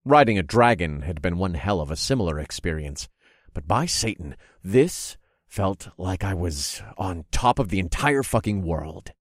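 A man narrating a fantasy story in first person, steady and expressive. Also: sits low, moderate pace, no echo, clean studio sound. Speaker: audiobook narrator.

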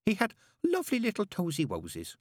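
A man's voice: high voice, huge pitch swings, brisk, dry recording, studio quality, pitched above the performer's own voice, full character voice. Entranced ex-nun read by a man, hollow and distant. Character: dazed middle-aged woman, former nun, hollow.

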